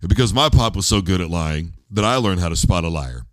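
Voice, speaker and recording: A man's voice: sits low, animated, a little fast, no room sound. A man in his thirties hosting a casual sports talk show, loose and rambling, often repeating words as he starts a thought. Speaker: show host.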